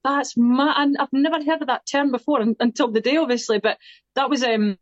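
A woman's voice: high voice, steady tone, brisk, no room sound, muffled recording. A young Scottish woman with a Scottish accent, chatting casually and self-deprecatingly as a singer-songwriter being interviewed. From Scotland.

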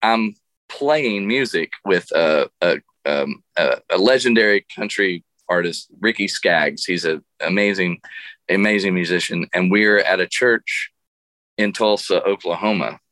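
A man's voice: low voice, a little slow, dry recording. Laughing storyteller man, dry sound. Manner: animated storyteller, laughs often, frequent restarts. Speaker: guest musician. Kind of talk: storytelling in a radio interview.

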